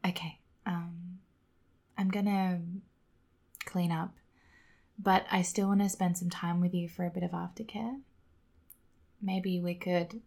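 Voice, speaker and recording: A woman's voice: fairly low pitch, creaky, darkish tone. A woman performing an intimate audio role-play, talking straight to the listener in a teasing, giggly way.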